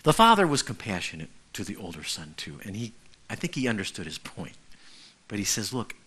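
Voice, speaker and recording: A man's voice: fairly low pitch, very animated, brisk, pushed and bright, slightly rough. A male pastor preaching a conversational sermon who keeps checking in with the congregation.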